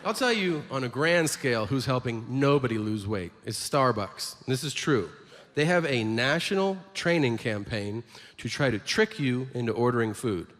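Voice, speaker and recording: A man's voice: medium pitch, expressive, normal speed, a bit bright, in a large hall. Profane stand-up comedian man. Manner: profane, exaggerated storytelling. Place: comedy stage.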